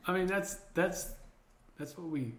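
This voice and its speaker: A man's voice: sits high, a little slow, crowd noise. A man co-hosting a casual comedy podcast, silly and giggly, joking loosely. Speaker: podcast co-host. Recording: roomy echo.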